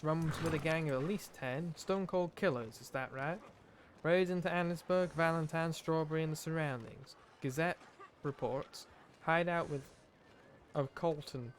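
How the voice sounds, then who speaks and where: A man streaming a game live, reading its text aloud in a put-on accent and talking through what he sees. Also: fairly high pitch. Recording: background noise over game audio.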